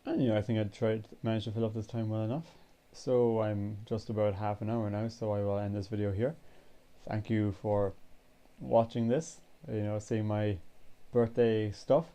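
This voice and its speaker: Young male vlogger in his twenties, low voice and very dark tone, casual rambling chat with a tired throat. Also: flat delivery, normal speed, smooth. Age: 20s. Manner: rambling, storytelling with lots of fillers. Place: home bedroom.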